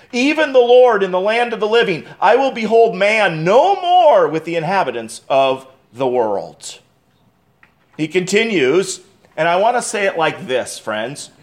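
High-voiced man preaching with emphasis. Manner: emphatic preaching with dramatic pauses and restarts. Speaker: pastor. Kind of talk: expository sermon.

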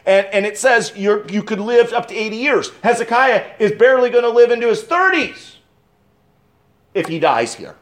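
A man delivering an expository sermon as pastor, preaching emphatically with dramatic pauses and restarts. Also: high-pitched, big pitch swings, a bit bright.

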